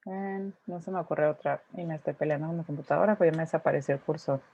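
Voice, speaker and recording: Over a tinny, dry video call, a woman whose first language is Spanish teaches an English class, moving between both languages. Her deep, steady, gravelly voice races along as she patiently explains, restarting often and thinking aloud.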